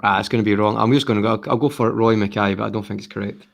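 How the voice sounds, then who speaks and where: A man plays a football quiz on a casual podcast, sighing and hesitating as he thinks aloud. His fairly low voice has a gravelly rasp. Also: steady tone, very fast. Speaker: quiz contestant.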